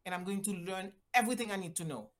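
An older woman from Haiti, a physician guest telling a personal story with lively voiced-out quotes and big swings in pitch. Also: fast talker. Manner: animated, acts out voices with big pitch jumps.

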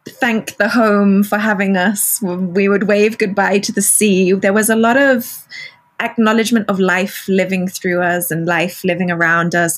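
A woman hosting an interview who speaks in a thoughtful, reflective way. She pauses often as she shares her own thoughts with her guest. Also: medium pitch. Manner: reflective, pausing. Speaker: interviewer, podcast host.

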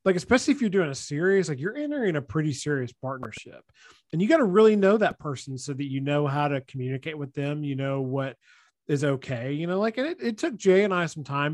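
A man chats on a podcast, rambling through stories with plenty of "like" and "you know". His voice sits a bit high for a man and sounds dry and close. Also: animated, fairly quick, darkish tone, no room sound. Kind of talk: casual podcast conversation.

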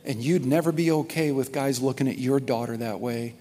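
A man's voice: medium pitch, brisk, dark tone. A man preaching a sermon in a church, speaking emphatically, repeating key lines and addressing the congregation directly. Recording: long reverb of a large hall.

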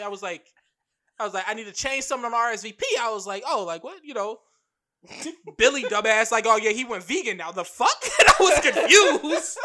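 A man's voice: very high-pitched, brisk. A man co-hosting a podcast, telling stories animatedly, acting out the lines of others and swearing freely. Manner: animated storyteller, acts out dialogue, swears freely. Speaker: podcast co-host. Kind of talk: casual storytelling.

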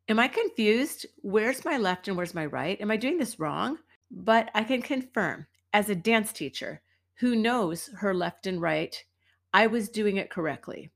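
A woman's voice: medium pitch, fairly bright tone. A woman from the United States, middle-aged, hosting a podcast and telling an everyday story in a chatty, wry way. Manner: chatty and wry, acts out quoted people. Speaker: podcast host and dance teacher. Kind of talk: casual storytelling monologue.

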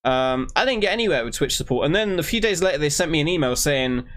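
Brief: male co-host, casual and chatty, a touch higher-pitched. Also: fast. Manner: relaxed, chatty, reads chat questions. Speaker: stream co-host. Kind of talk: casual streaming chat.

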